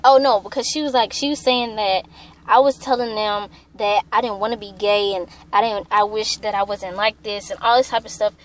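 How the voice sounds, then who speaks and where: A young woman vlogger telling a personal story casually, animated and profane, acting out what people said. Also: medium pitch. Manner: animated, profane, acts out quotes.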